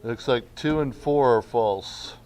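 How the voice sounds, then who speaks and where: A man's voice: mid-range voice, darkish tone. A male teacher giving a class lesson in a casual way, often checking in with "okay". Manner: slow, casual, keeps saying okay. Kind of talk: classroom instruction.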